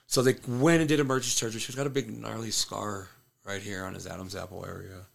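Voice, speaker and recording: A man with a gravelly, creaky voice chats loosely in a sit-down interview. He tells stories about his fighters in a meandering way, full of "like" and restarts. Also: fairly low pitch, steady tone, fast. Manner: loose storytelling with frequent "like" and restarts. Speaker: MMA fighter and trainer, interview guest. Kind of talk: casual sit-down conversation.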